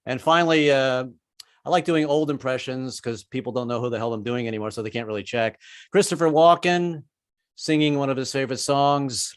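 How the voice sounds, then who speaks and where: A man's voice: medium pitch, fairly even intonation, fairly quick, clear, resonant tone, dry recording, clean studio sound. A man doing a rambling, self-deprecating stand-up set over a video call, slipping into voices. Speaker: stand-up comedian.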